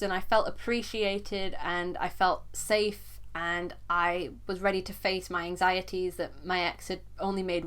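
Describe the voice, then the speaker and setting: Young woman, storytime vlog, earnest, halting, mid-pitched voice. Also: fairly bright tone, clear, resonant tone. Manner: earnest, halting, repeats words when struggling. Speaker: vlogger. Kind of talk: personal storytime monologue.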